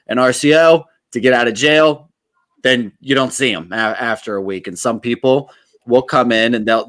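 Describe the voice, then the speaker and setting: A man's voice: mid-range voice, a bit bright. A male host in a recovery-themed conversation, asking thoughtful, reflective questions with many fillers. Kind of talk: interview conversation.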